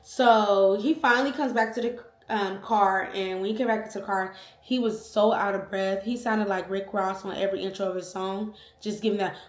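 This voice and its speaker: A young woman vlogger telling a personal story in a casual, slangy, animated way, acting out the quotes. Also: mid-range voice, moderate pace. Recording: echoey room.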